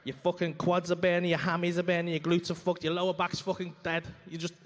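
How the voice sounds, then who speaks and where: High-voiced crude stand-up comic. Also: male voice, flat delivery, fast talker. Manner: crude, ranting, acts out moaning voices. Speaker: stand-up comedian. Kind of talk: stand-up comedy routine. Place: comedy club stage.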